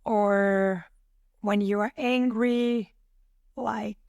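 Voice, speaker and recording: This Austrian woman, whose first language is German, reflects on her life as a podcast guest, hesitant and full of fillers. Her voice is medium-pitched, fairly even and a little mellow, with drawn-out words. The studio-quality recording has no echo.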